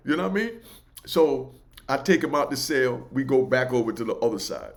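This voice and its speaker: Animated storyteller. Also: male voice, fairly high pitch, fast. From New York. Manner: animated, loose, keeps asking "you know what I mean". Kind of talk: casual oral storytelling.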